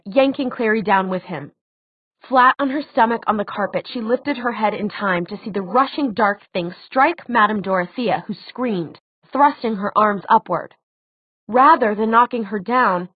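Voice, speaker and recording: A woman narrating a fantasy audiobook in a measured, dramatic way. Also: medium pitch, husky, no echo. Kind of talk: scripted narration. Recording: tinny phone-like dry sound.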